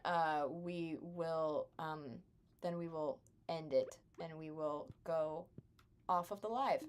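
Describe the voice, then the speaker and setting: A young adult woman chatting casually with her live stream chat while gaming, sarcastic and chatty. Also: fairly low pitch.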